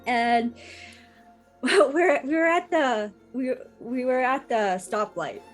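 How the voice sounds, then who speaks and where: Podcast host woman in her 30s, high voice, unhurried, laughs through her stories. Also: faint music behind. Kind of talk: casual chat and funny storytelling.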